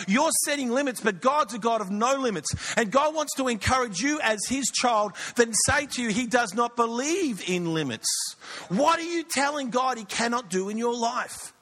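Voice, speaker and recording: Bright, high-voiced pastor preaching. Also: male voice, moderate pace. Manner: animated storytelling, shouting punchlines. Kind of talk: sermon.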